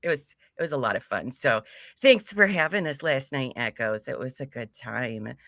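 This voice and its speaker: Low-voiced woman host chatting on a stream, giggly, crisp bright tone, dry close sound. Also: expressive, normal speed, dry recording. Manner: bubbly, giggly, reads chat names aloud. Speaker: livestream co-host. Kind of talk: casual livestream chat, greeting viewers.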